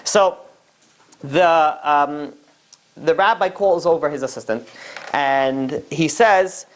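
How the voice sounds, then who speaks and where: A man's voice: on the high side, slow pace. Chatty man telling a story. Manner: animated, acts out the characters' lines; chatty, full of asides to listeners. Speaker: rabbi. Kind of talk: casual storytelling lecture.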